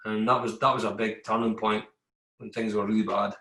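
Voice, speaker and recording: A man's voice: on the low side, little pitch movement, brisk, sharp tone. A man, an army veteran, telling his story in a candid podcast conversation, acting out exchanges with coworkers. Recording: echoey room.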